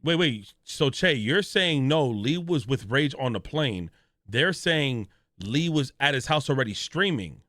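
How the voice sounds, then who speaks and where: A man's voice: mid-range voice, a bit bright, no room sound, studio quality. A man reacting to a clip on a live stream, asking questions and reading out viewer names. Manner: asks questions, reads chat names aloud.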